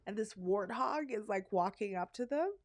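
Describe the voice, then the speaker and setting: Woman podcast cohost, casual and chatty, animated storyteller, mid-pitched voice. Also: moderate pace. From Canada. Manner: candid, animated storyteller who slips into voices. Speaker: podcast co-host. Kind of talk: casual chat.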